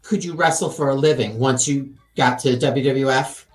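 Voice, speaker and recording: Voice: mid-range voice, moderate pace. A podcast host in a casual interview who gives short encouraging replies and asks follow-up questions. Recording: roomy with faint music behind.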